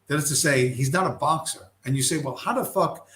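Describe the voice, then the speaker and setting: A man's voice: on the high side, brisk, a bit bright. A middle-aged man hosting a casual livestream, ranting bluntly with heavy profanity. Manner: blunt, heavily profane, heated. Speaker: livestream host. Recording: roomy echo.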